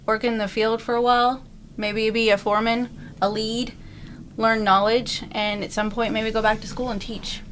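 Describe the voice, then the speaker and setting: A woman's voice: a little high, little pitch movement, normal speed, a bit bright, a little hiss or hum. A woman guest in an interview, talking frankly and bluntly about her life and work, laughing easily between thoughts. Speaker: podcast guest. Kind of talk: candid interview talk.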